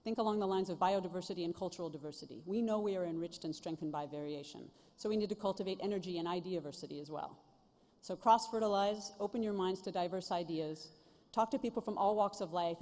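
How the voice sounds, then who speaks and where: On the stage of a large ceremony venue, a middle-aged woman delivers a commencement speech into a podium microphone. Her fairly low, mellow voice sounds earnest and self-deprecating, and the hall gives the recording a reverberant quality.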